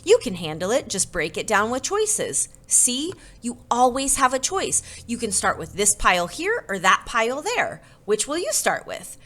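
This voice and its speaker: A woman's voice: on the high side, wildly swooping pitch, moderate pace, few pauses, pushed and bright, voice pushed up, full character voice. Woman doing a bouncy little boy. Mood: cheerful. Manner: sing-song, bouncy. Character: cheerful young boy.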